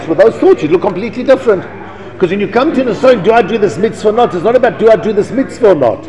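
A man teaching a Torah class to an audience, reading Hebrew passages and translating them, acting out the dialogue in animated bursts. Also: very high voice, in a large hall. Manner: animated, reads Hebrew text then translates, acts out dialogue. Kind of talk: Torah lecture.

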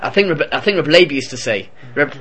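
Man, torah lesson, storytelling, high bright voice, animated. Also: fast. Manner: animated, conversational. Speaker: Torah teacher.

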